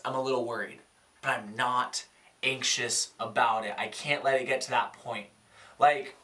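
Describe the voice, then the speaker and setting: A man's voice: on the high side, bright, forceful tone, distant mic. A young man talking earnestly in a casual vlog, reflective, with many fillers. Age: young adult. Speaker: vlogger.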